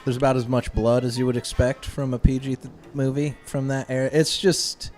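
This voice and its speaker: A man's voice: mid-range voice, brisk, faint music behind. Hesitant, plain-spoken podcast co-host man. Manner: hesitant, even-handed verdicts with restarts. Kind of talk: casual movie review chat.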